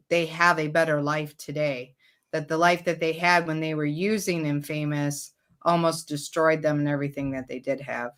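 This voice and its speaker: A woman co-hosts a casual talk show and chats in a heartfelt way. Her voice sits low and sounds smooth and clear. Her grammar is loose and relaxed. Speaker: co-host.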